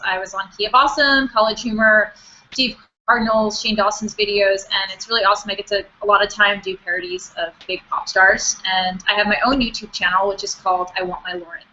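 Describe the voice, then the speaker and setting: A woman's voice: mid-range voice, steady tone, brisk, sharp tone, lo-fi sound, slight background noise. A woman guest in a casual chat, giggly and chatty, saying "like" a lot.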